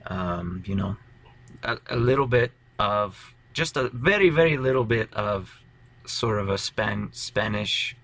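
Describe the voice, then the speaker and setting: A man's voice: medium pitch, unhurried, creaky, fairly bright tone. A man co-hosting a casual podcast about tabletop role-play, rambling animatedly with lots of fillers. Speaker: podcast co-host, tabletop player.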